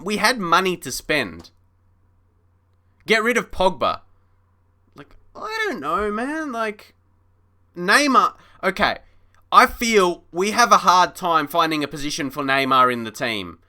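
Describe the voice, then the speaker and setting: Man, live-stream game commentary, very bright edgy voice, fairly high, chatty and exasperated. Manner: chatty, laughs often, mock-frustrated, talks to chat. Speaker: streamer playing a football management game.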